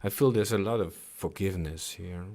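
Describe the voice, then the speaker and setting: A man slowly reading and explaining devotional scripture, chanting at times, pausing to reflect and repeating his words. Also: low voice, a little mellow. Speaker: scripture reader. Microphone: computer mic on a livestream.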